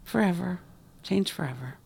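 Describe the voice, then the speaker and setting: A guest in an interview telling a personal story in a mid-pitched voice with a gravelly texture. The delivery is emotional. The speaker often acts out other people's words while telling the story. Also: animated, normal speed, darkish tone. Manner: emotional, reenacts dialogue.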